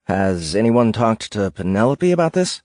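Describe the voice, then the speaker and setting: A man's voice: on the low side, very animated, moderate pace, darkish tone, dry recording, studio quality. A woman doing a frustrated game developer man. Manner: earnest, pushing back.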